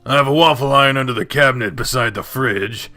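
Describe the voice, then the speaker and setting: A man voicing a big, affectionate, lazy male bear in a game, speaking gently and teasingly. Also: medium pitch, fast talker, faint music behind, lightly acted. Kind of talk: voiced game dialogue.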